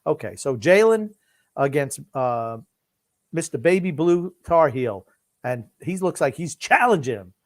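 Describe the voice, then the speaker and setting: A man's voice: a little high, sing-song, measured pace, dry recording, studio quality. An older man co-hosting a casual chat, giving wry, playful commentary on a video clip. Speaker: podcast co-host.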